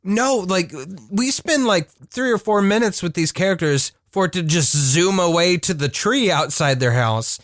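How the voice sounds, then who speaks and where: A man co-hosting a podcast, chatting casually about an old cartoon in a rambling, animated way with frequent laughter. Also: high-pitched, normal speed, hardly any pauses, no echo, clean studio sound. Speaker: podcast co-host. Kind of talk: casual chat reviewing a cartoon.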